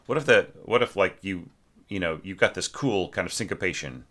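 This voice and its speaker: A man's voice: sits low, lively intonation, normal speed, a bit bright. A man giving a loose, rambling spoken critique of a student's orchestration, full of fillers and sung musical figures. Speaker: orchestration teacher.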